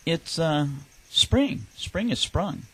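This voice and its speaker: A man's voice: a little high, lively intonation, takes it slowly, slightly rough, rough recording. A man from California hosting a podcast in casual chat, telling stories with lots of restarts. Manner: rambling storyteller with frequent restarts. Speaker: podcast host.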